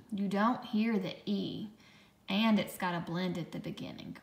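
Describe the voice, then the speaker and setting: Teaching phonics to children, a woman with a creaky, medium-pitched voice speaks slowly and patiently. Each dictation sentence gets sounded out word by word, and the recording is reverberant.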